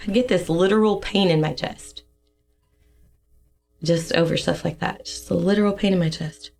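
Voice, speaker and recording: A young woman giving a personal testimony in a podcast interview, emotional and halting, with fillers and soft laughs. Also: on the low side.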